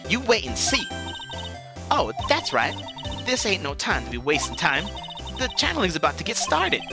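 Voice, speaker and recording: A streamer voicing a feisty young woman photographer with a Southern accent, loud and excitable. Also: medium pitch, moderate pace, pitched above the performer's own voice. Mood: brash. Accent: American Southern. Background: game music.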